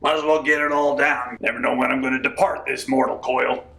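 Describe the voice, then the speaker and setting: Folksy deadpan storyteller, man, gravelly bright voice. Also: medium pitch, brisk. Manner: folksy, deadpan tall tales. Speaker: comic storyteller. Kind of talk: deadpan comedy interview.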